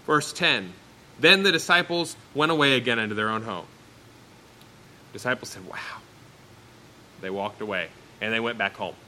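A man preaching to a congregation with a bright, ringing voice. He reads scripture aloud in old wording, then retells it in plain speech. His voice climbs high and loud, then falls low and quiet. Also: moderate pace, slight background noise, rough recording. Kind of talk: sermon.

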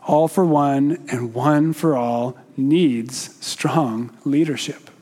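A man preaches in a slow, measured style with frequent pauses, sometimes posing questions to those gathered. His voice is mid-range and warm.

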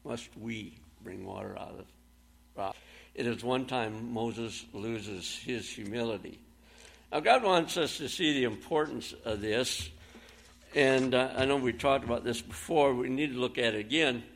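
Speaking unhurriedly in a mid-range voice, this preacher reads passages of scripture and recounts Bible stories. His phrasing is simple and folksy, sprinkled with a few fillers.

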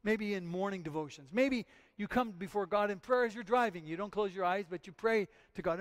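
A male pastor preaching a sermon in an earnest, emphatic way, often repeating his phrases. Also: high-pitched.

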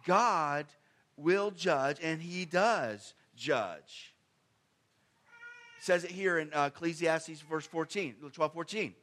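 A man preaching a sermon in a conversational style, with sudden emphatic swings in pitch and loudness. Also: expressive, slow. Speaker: pastor.

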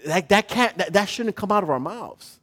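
A man preaching a sermon in a casual, animated way, full of slang, repetition and asides to the congregation. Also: high voice, moderate pace, breathy edge.

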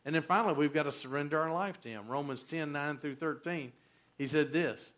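Man, 60s, pastor, sermon, fairly high voice, storytelling, quizzes listeners. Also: fairly quick. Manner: animated storyteller, quizzes the congregation.

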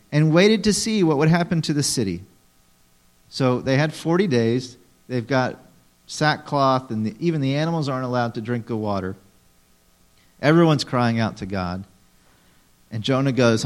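Male preacher, mid-range voice, animated teaching style with dramatic read-alouds and asides to listeners. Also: mid-range voice. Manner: animated, acts out quotes dramatically, talks to audience members. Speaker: pastor. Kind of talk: sermon.

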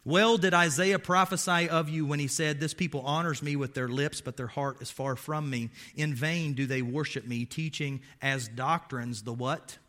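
Pastor guy preaching, kinda high voice, punchy, keeps asking the crowd questions, dry jokes here and there. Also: steady tone, moderate pace, few pauses, bright, forceful tone. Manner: emphatic, uses rhetorical questions to the congregation; folksy asides and wry humor. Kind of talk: sermon.

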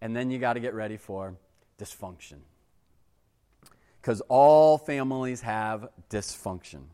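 A man giving a casual, conversational sermon as a pastor, animated and acting out exasperated voices. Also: mid-range voice, measured pace, clear, resonant tone, in a large hall.

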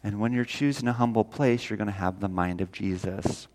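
A man's voice: fairly low pitch, fairly quick. Earnest man preaching a sermon. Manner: folksy, earnest preaching, rises loud when quoting scripture. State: briefly tearful. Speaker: pastor.

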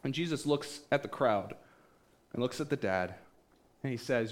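A pastor preaching a sermon, retelling stories with acted-out quoted voices, swinging between loud bursts and hushed, quiet passages. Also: male voice, mid-range voice, expressive, normal speed, long pauses.

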